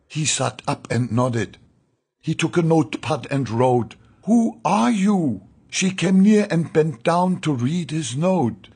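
A man narrating an audiobook in a measured, solemn storytelling manner. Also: a little high, darkish tone, slightly rough.

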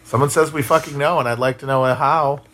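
A man casually talking on a live stream and answering chat, musing out loud, swearing now and then, with frequent restarts. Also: mid-range voice, steady tone, brisk. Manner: rambling, musing, profane, many restarts.

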